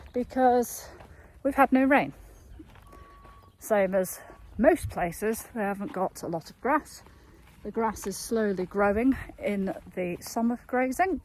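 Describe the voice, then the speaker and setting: A woman's voice: mid-range voice, darkish tone, a little hiss or hum. A woman, chatting casually in a vlog as she walks her horse fields outdoors in the evening. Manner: chatty and upbeat, coos at the horses. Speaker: equestrian yard owner and riding coach. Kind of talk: casual walking vlog chat.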